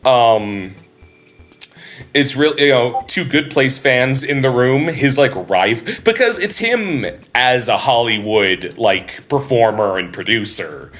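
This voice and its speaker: A man co-hosting a casual podcast, talking in an animated way, laughing often and swearing casually. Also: medium pitch, slow. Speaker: podcast co-host.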